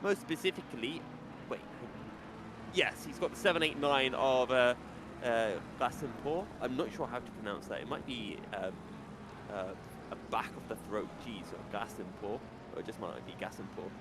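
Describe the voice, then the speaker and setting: A man commentating a sim race, chatty and quick to laugh as he breaks down the running order. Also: mid-range voice, animated, noisy background.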